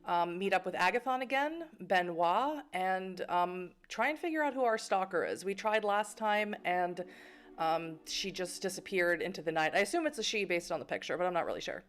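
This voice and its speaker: Low-voiced chatty woman streamer. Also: expressive, moderate pace. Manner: chatty, playful, laughs often, many fillers. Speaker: game streamer. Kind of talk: casual streaming chat and reading game text aloud.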